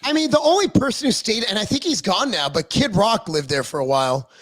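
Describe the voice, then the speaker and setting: Animated, high-voiced man ranting casually. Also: a little fast. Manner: profane, animated storytelling. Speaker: podcast co-host; business owner. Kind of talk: casual chat.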